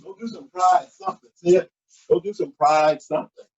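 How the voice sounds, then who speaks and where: Pastor, male, lively high-pitched voice, husky, dull lo-fi home recording. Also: normal speed. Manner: animated and exhortative, with sudden high exclamations. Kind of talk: sermon.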